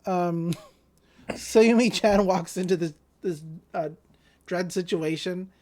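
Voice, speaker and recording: A woman co-hosting a podcast, casually recapping an anime episode in a lively way, often laughing and acting out the characters' lines. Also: fairly low pitch, slow. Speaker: podcast co-host.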